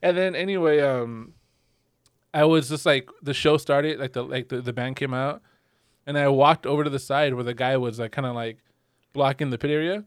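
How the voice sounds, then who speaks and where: A man's voice: mid-range voice, fairly even intonation, normal speed, smooth, no room sound, clean studio sound. A young man co-hosting a podcast, telling stories casually with many fillers and acted-out quotes. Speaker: podcast co-host. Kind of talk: casual chat.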